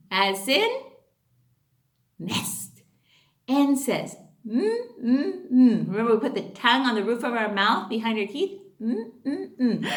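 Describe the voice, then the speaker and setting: Cheerful woman teacher, high lively voice, unhurried phonics drills. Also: echoey room. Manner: animated and sing-song, gasps and cheers often. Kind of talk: phonics lesson for young children.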